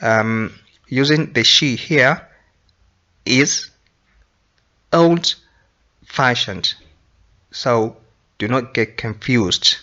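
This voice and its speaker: A man teaching an English grammar lesson, explaining slowly and repeating each example sentence. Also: medium pitch, sharp tone, lo-fi sound.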